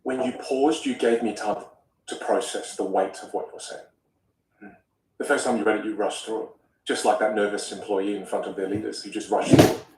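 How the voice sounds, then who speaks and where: A man talking as a vocal coach in a podcast conversation, animated and acting out example voices. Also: on the low side, moderate pace, reverberant, distant mic, rough recording.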